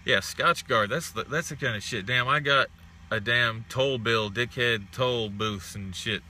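A man's voice: medium pitch, measured pace, pushed and bright, a little hiss or hum. A young man from Texas hosting a casual live stream, greeting viewers and ranting with heavy profanity.

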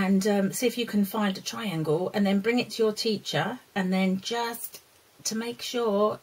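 Speaking to a puppet dog and the watching children with obvious fondness, a woman presents a lesson in a medium-pitched, slightly mellow voice with a breathy edge. She laughs and scolds, and the recording is rough.

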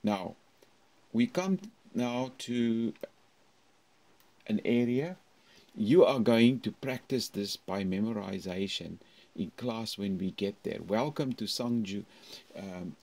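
A male university lecturer with a low, gravelly voice giving a recorded English lesson. He talks slowly and haltingly, with many fillers. His pitch swings widely as he models each phrase. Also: a little mellow. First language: Afrikaans. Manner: slow, halting teaching talk with fillers and demonstrated phrasing.

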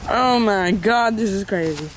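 A young man giving excited, laughing casual commentary on an amateur wrestling match, exclaiming and counting pins. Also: high-pitched, unhurried. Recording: noisy amateur outdoor recording.

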